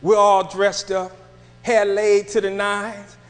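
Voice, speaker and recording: A man preaching a sermon in a church, moving from quiet reflective passages to raised, emphatic delivery. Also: sits high, flat delivery, slow pace, big-room sound, soft background music. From northern United States. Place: church sanctuary.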